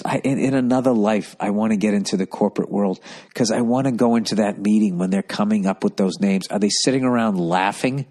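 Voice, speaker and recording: A man's voice: on the low side, darkish tone. A middle-aged man hosting a podcast, rambling through a profane, ranting monologue full of stories. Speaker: podcast host.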